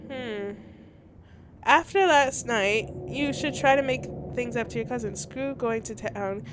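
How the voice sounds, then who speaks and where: A woman's voice: fairly high pitch, moderate pace, noisy background. A young woman, a little under the weather, giggling and chatting through a story game and reading choices aloud. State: a little sick. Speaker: game streamer. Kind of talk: casual gameplay commentary.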